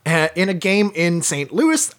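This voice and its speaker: A woman's voice: on the low side, very animated, measured pace. A woman hosting a casual podcast who tells a story and laughs often as she goes. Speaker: podcast host.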